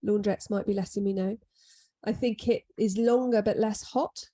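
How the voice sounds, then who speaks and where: A woman co-hosts a podcast in loose, rambling chat. She pokes fun at herself as she talks. Her voice sits at a middle pitch. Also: fairly even intonation, moderate pace, warm tone. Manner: rambling, self-deprecating. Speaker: podcast co-host. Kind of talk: casual chat.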